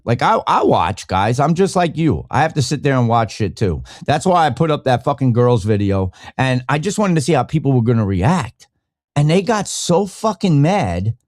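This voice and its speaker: A man rants on his own podcast, heated and swearing constantly. His voice sits a little high for a man and swings widely in pitch as he gets worked up. The sound is dry and close, with no room around it. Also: no echo. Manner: heated, profane, animated. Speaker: podcast host. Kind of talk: ranting solo podcast talk.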